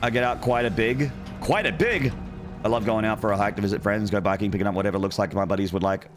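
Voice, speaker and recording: A man's voice: lowish voice, flat delivery, rapid-fire, music in the background. A man livestreaming a game, chatting in a rambling, self-interrupting, playful way with his viewers. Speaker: streamer. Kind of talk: gaming livestream chat.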